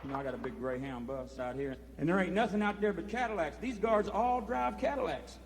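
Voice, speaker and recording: Man with a high, drawling voice telling a loose, profane story in a long-echo hall. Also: fairly quick. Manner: drawling, profane, peppered with "you know". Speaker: performer addressing inmates. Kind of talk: rambling spoken storytelling. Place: prison hall. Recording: reverberant hall, 1970s film sound.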